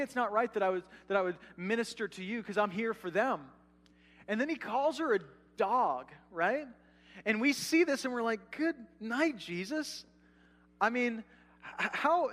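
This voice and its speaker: A man preaching a sermon as pastor, in a conversational, animated way with asides to the congregation. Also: high-pitched, in a large hall.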